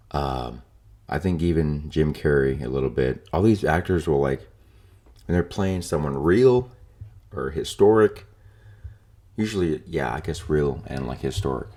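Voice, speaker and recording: On his solo podcast, a young host with an extremely deep, dark voice delivers a casual rant at a measured pace. He's opinionated and swears freely, meandering through his points with heaps of filler words in a loose, among-friends style.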